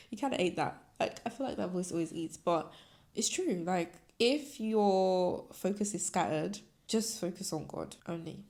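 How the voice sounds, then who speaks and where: With a fairly low, darkish voice and a slightly slow pace, a young podcast host talks on her own in a candid, rambling way. Filler words pile up, especially "like," and at moments she breaks down in tears.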